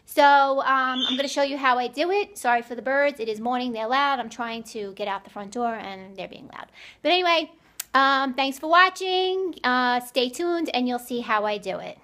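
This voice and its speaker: A woman's voice: high-pitched, moderate pace, sharp tone. A middle-aged woman chatting casually as she films her shopping trip, walking and talking through the stores, her car and her home. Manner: chatty, walks and talks while shopping. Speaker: vlogger.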